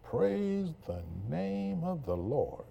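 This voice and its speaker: A man's voice: high voice, sing-song, very slow, vocal fry, mellow. A man preaching a sermon, leading the congregation in call-and-response.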